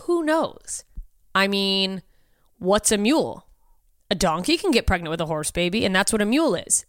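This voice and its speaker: A woman's voice: medium pitch, fairly bright tone, no room sound, studio quality. A woman hosting a podcast in casual comedic chat, profane and sarcastic, often laughing in disbelief. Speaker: podcast host.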